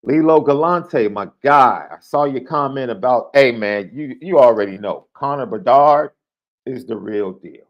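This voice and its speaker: A man hosting a live sports podcast, chatting casually and reading out viewer predictions with excited jumps in his voice. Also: a little slow, highs cut off. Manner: animated, excitable, jumps in pitch. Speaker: podcast host.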